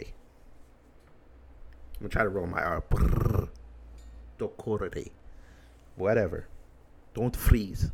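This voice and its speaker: A man's voice: on the low side, a little mellow, slight background noise. A man hosting a commentary show, ranting bluntly and emphatically with crude language. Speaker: commentary host.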